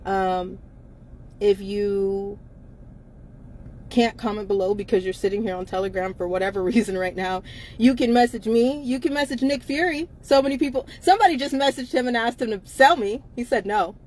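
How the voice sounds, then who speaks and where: A woman's voice: medium pitch, normal speed, darkish tone, a little hiss or hum. A woman co-hosting a casual live-stream chat from inside a car, blunt and emphatic, laughing often between her lines.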